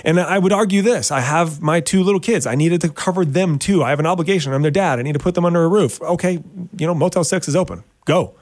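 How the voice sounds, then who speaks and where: This fast-talking man, a realtor who hosts a weekend radio talk show, keeps joking and ribbing himself as he covers his subject, his pitch leaping suddenly in animated bursts. There's no echo.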